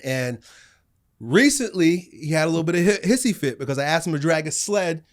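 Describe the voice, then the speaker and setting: A middle-aged man, a guest on a studio podcast, telling animated stories and acting out the people in them. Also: fairly high pitch, brisk. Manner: animated storytelling, acts out voices in anecdotes. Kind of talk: casual studio conversation.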